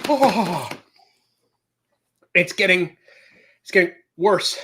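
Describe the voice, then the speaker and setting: Casual co-host, man, bright and a bit high, groans and gasps through a spicy challenge on a video call. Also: animated, drawn-out words, a little hiss or hum. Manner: groaning, gasping through a hot-sauce challenge. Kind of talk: casual chat.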